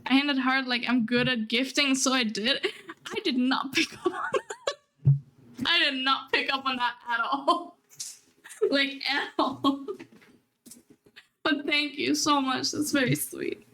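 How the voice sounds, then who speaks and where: A woman's voice: high-pitched, steady tone, takes it slowly, long pauses, a bit bright, a little hiss or hum. A young adult woman streaming, chatting casually and rambling, often laughing as she talks. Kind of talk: casual chat.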